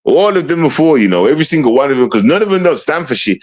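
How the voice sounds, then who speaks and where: A man's voice: a little high, big pitch swings, fast talker, low-quality recording. A man hosting a livestream, ranting in a casual, confrontational way and repeating himself. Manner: confrontational, repetitive, slangy, restarts often. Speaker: livestream host.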